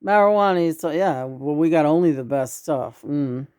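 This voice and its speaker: A man chats casually as a co-host. He hesitates and pauses while he searches for the right words. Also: a little high, darkish tone, smooth, dry recording, studio quality. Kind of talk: casual chat.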